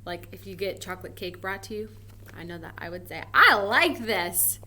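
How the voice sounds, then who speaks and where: A woman teaching a recorded grammar lesson to first graders, gentle and encouraging, asking the children questions and reading example sentences slowly with exaggerated feeling. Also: on the low side, steady tone, a little hiss or hum.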